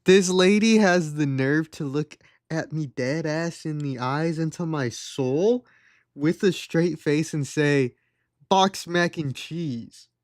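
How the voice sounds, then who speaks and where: A man's voice: on the high side, slow pace, a little mellow, dry recording, clean studio sound. A young man streaming live, casually telling a story in a sarcastic, exasperated, slangy way. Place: home streaming setup.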